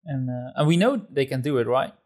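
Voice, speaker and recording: A man's voice: medium pitch, expressive, fairly quick, darkish tone. A man with an ordinary, mid-range voice hosts a casual podcast. He steers the conversation from topic to topic, agrees easily and laughs often between points. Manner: steering the talk, agreeable, with frequent laughs and fillers. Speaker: podcast host.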